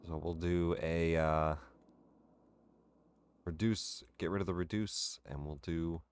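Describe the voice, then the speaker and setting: A man with a very deep voice runs a tabletop game session. He narrates actions and calls results in an easygoing, matter-of-fact way, pausing on fillers as he checks rules. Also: fairly even intonation, smooth. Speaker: game master. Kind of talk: running a tabletop game online.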